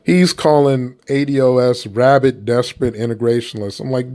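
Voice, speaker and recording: Male commentator, mid-pitched voice, blunt and profane, rambles loosely, casual opinion talk. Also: a little fast, hardly any pauses, a little mellow. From United States.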